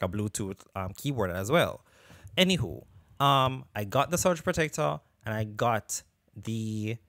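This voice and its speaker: A man's voice: mid-range voice, a bit bright, dry recording, studio quality. Man rambling through a story on a podcast. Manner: rambling storyteller, drifts off on tangents and comes back with "anywho". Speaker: podcast host. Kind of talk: casual podcast chat.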